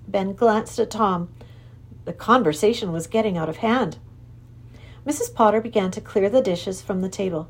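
A woman narrating a storybook aloud in an expressive, lively way. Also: medium pitch, normal speed, slightly rough.

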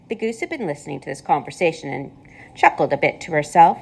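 A woman's voice: deep voice, very animated, quick pace, vocal fry, slightly rough, low-quality recording. Woman reading a children's book aloud. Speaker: reader.

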